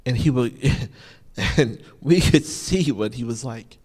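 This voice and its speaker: Speaking slowly yet with animation, a man delivers a conversational sermon in a medium-pitched, slightly mellow voice with a breathy edge. He repeats key phrases for emphasis and often says "you know," amid a large hall's long reverb.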